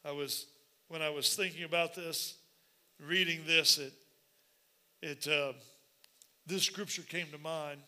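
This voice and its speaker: A man preaching a sermon as pastor, animated and repetitive, building up to shouts. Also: fairly high pitch, measured pace, pauses often.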